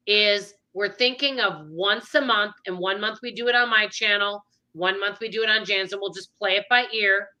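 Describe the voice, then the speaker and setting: A woman hosting a casual talk, her voice bright and forward at a middling pitch. She rambles from point to point in an easy conversational flow. Fillers like "you know" run all through her talk. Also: rough recording. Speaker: channel host. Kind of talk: casual chat.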